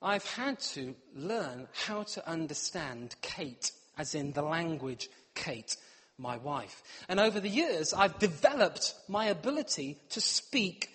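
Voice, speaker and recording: A man's voice: on the high side, sing-song, slow, a bit bright, husky. A middle-aged man preaching a humorous sermon, playful and self-mocking, acting out bits of dialogue. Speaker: pastor. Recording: long hall reverb.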